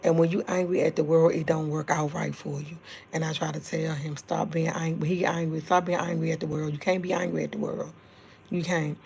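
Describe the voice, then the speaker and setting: A middle-aged woman hosts a livestream, rambling casually with viewers and laughing often, sometimes dropping to a soft voice to stay quiet. Her voice is low, level, a bit fast and creaky, with a slight hiss or hum in the audio.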